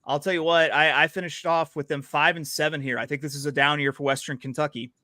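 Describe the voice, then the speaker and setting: Bright-voiced, higher man in casual sports chat. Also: fairly even intonation, quick pace, no echo, clean studio sound. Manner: chatty, playful, with frequent fillers. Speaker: podcast host.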